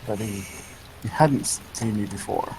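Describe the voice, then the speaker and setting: A man's voice: on the low side, unhurried, noisy background. A man playing a tabletop game, speaking hesitantly with many filler words. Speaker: player.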